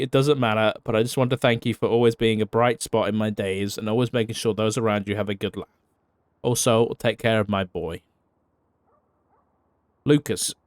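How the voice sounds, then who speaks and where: Low smooth-voiced man reading a heartfelt letter. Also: dry recording. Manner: heartfelt yet profane, wry asides. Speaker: roleplayer reading a farewell letter.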